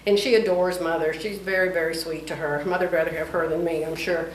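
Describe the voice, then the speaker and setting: A woman's voice: fairly low pitch, a little fast, a little hiss or hum. A middle-aged woman, chatting casually in her home vlog and laughing often. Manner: chatty, laughing often, animated when quoting others. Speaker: vlogger. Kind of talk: casual chat. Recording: roomy, from a distance.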